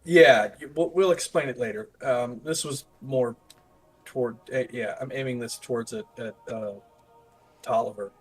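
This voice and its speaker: A man playing a tabletop role-playing game, speaking hesitantly as he searches for words. His voice sits at an ordinary middle pitch. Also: moderate pace, slightly rough, soft background music. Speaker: player. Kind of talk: in-character tabletop play.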